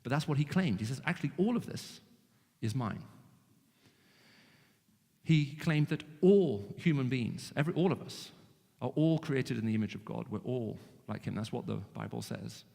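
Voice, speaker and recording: A man with a British English accent who grew up in the Middle East, giving an animated, joking evangelistic talk to students with frequent restarts. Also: medium pitch, moderate pace, gravelly, few pauses. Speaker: guest speaker. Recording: long hall reverb.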